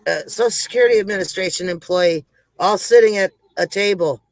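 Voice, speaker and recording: A man with a high-pitched voice, speaking a little fast, fires off corny one-liner jokes to his live chat on a comedy livestream. He laughs at them himself and teases his own expense. The audio is rough, with no echo.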